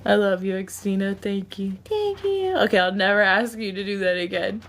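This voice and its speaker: A woman's voice: medium pitch, lively intonation, moderate pace, a little hiss or hum. A woman hosting a livestream, chatting casually with her viewers and often breaking into laughter. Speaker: livestream host.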